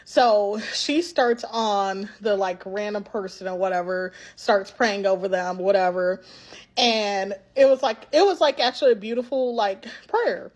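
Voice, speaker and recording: A young adult woman tells a personal story in a casual vlog, her medium-pitched voice unhurried. She's animated and chatty, acting out quotes and often asking "right?"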